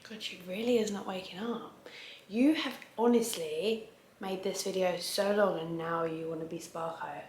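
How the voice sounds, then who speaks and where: A woman's voice: on the low side, moderate pace, darkish tone, a little hiss or hum. A woman vlogger telling a long story to the camera at home, chatty and rambling, often stopping to restart a sentence. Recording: roomy echo.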